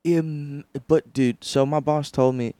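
A man's voice: a little high, fairly even intonation, slow pace, mellow, no echo. A young man co-hosting a podcast, trading crude jokes, laughing often and slipping into goofy put-on voices. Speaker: podcast co-host. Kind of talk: crude comedic banter.

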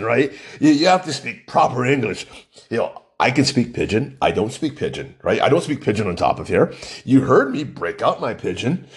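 A man's voice: mid-range voice, big pitch swings, moderate pace. A middle-aged man from Hawaii, rambling through a casual monologue full of restarts and fillers.

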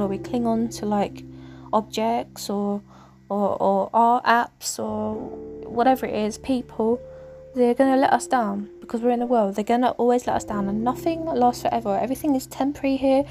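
A woman's voice: on the high side, steady tone, brisk, warm tone. Chatty woman over background music. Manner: rambling, hesitant with many ums. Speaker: podcast host. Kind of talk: casual faith podcast monologue. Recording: music clearly underneath.

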